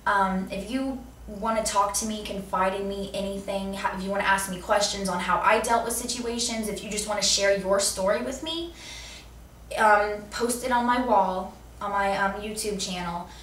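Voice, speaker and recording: A woman's voice: mid-range voice, fairly even intonation, moderate pace, a bit bright. Young woman host, heartfelt vlog talk, mid-range voice, distant echoey camera audio. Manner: earnest and heartfelt. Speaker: vlogger host. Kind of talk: personal video message. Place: seated indoors. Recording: roomy echo, distant mic, faint room noise.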